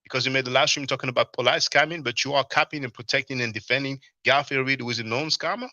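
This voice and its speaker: A man's voice: mid-range voice, quick pace, bright, forceful tone, no echo. A man hosting a casual livestream, laughing often and reading chat comments aloud to answer them. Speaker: livestream host. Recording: dull, lo-fi stream audio.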